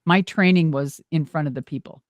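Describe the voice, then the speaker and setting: A middle-aged woman, a former wrestler and monster truck driver, telling stories in an animated, exclamatory way as an interview guest. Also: low-pitched, a little fast, no room sound. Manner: animated, exclamatory, acts out quoted dialogue. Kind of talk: casual storytelling interview.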